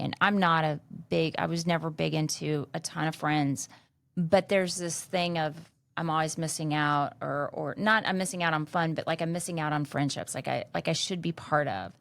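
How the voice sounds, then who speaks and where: A woman's voice: fairly low pitch, creaky, dry recording. A middle-aged woman hosting a podcast, talking bluntly and emphatically in a motivational monologue and swearing freely. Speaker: podcast host.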